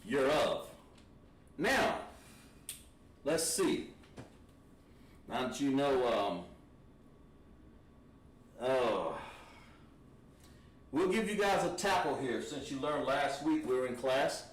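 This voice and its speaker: A man teaching a language class, thinking aloud and pausing while he writes on a board. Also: medium pitch, expressive. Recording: echoey room, mic at a distance, faint noise.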